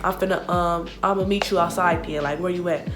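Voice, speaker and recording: A young woman telling a casual storytime vlog, slangy and animated, acting out what others said. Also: fairly low pitch, brisk. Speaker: vlogger. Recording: music playing behind the voice.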